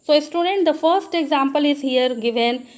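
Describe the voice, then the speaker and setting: Grammar is the subject for this Indian English-accented school teacher, whose voice sits high and moves at normal speed. She frequently addresses students and answers her own questions.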